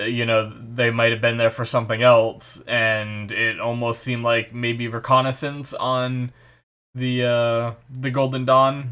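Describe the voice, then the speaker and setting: A man's voice: mid-range voice, fairly bright tone. A young man hosting an anime reaction, talking casually on his own in a rambling, speculative way with lots of fillers and restarts. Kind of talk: casual solo commentary.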